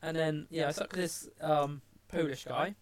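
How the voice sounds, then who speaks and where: A man's voice: a little high, fairly even intonation, moderate pace, no echo. A young man co-hosting a podcast, telling a story in casual chat, laughing often and a little unsure. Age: young adult. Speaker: podcast co-host.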